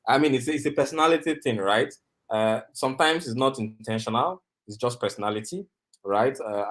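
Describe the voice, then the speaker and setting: A man's voice: medium pitch, fairly bright tone. A man teaching interview skills on a video call, talking in a rambling way with many fillers and frequent requests for agreement. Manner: rambling, filler-heavy, often asks for agreement. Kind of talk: instructional talk on a video call. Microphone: video call microphone.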